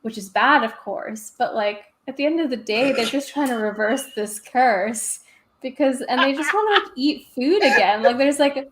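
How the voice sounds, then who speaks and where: A woman's voice: sits high, expressive, normal speed, reverberant. A woman teaching artist in casual conversation, talking freely and leaning on lots of "like" and "um" fillers. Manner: chatty, many "like" and "um" fillers. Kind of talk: casual chat while working.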